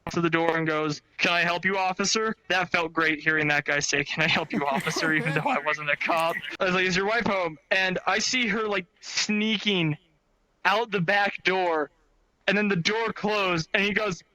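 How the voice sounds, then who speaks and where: A man telling a casual story about his bail bond work in an animated way, swearing freely. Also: sits high, no room sound, rough recording. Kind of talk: casual anecdote.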